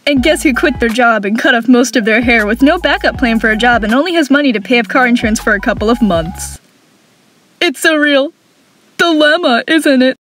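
A woman's voice: a little high, animated, a little fast, fairly bright tone. A young woman narrating funny work stories with wry, sarcastic humor. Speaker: animation storyteller. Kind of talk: story-time narration.

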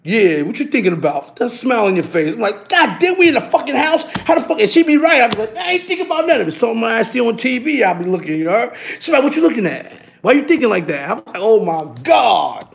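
A YouTube streamer in his 50s tells casual stories in an animated way, constantly throwing in "you heard?" His very high, gravelly voice races along with hardly any pauses, over slight background noise.

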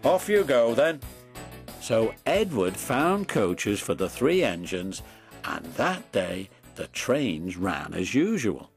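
A man narrating a children's story in a slow, animated reading. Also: deep voice, vocal fry. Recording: dry close recording with soft music.

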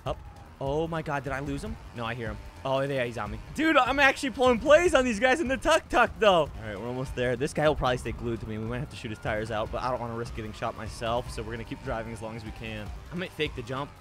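A young man giving casual gameplay commentary as a streamer. He talks to himself, gets excited fast and yells out in bursts. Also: medium pitch. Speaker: gaming streamer. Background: background music.

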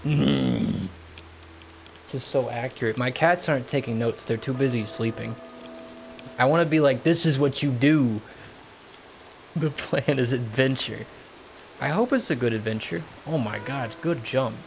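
A man streaming a video game live, chatting casually and reacting excitedly with gasps and laughs. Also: mid-range voice, moderate pace, a little hiss or hum. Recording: game music under the voice. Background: game music clearly audible.

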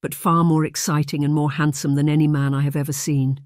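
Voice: medium pitch, level tone, brisk, a little mellow, no echo, close to an everyday voice. Young English heroine in a storybook romance, gushing and imaginative, voiced by the narrator; dry booth sound. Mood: eager.

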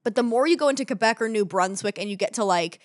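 A woman's voice: mid-range voice, quick pace, dry recording, clean studio sound. A young adult woman co-hosting a comedy podcast, telling stories in casual chat, swearing freely and acting out the voices of people she quotes. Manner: animated storyteller who swears freely and acts out quoted voices. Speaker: podcast co-host.

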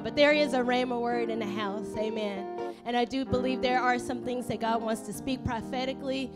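A high-voiced woman pastor with an African-American accent, preaching in a church. She talks in a playful, conversational way and teases her congregation. Faint music plays behind her. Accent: African-American English. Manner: playful, chatty with the congregation, acts out inner voices. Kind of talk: casual, humorous sermon. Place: church sanctuary.

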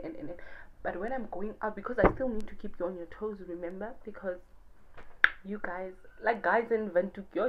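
A young Namibian woman gives casual dating advice straight to her camera. She talks with sass and flair, peppering it with rhetorical questions. The recording sounds a little dull, with faint background hiss. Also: mid-range voice. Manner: sassy and animated, rhetorical questions. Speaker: YouTuber.

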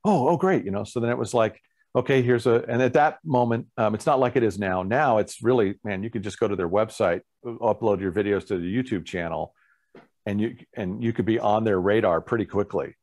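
A man who is a guest musician, telling an animated story in a casual interview and acting out other people's lines. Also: fairly low pitch, a little fast.

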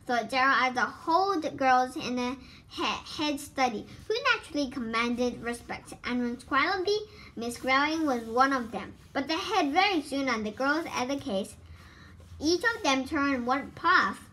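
Woman reading a story out loud, high bright voice, stumbles a lot. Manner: halting, stumbles and misreads words. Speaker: reader.

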